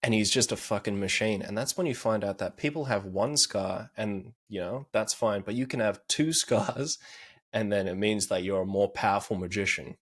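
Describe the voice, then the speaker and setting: A man's voice: fairly low pitch, moderate pace. A young man recapping anime on a podcast, laughing often and swearing casually as he tells the story.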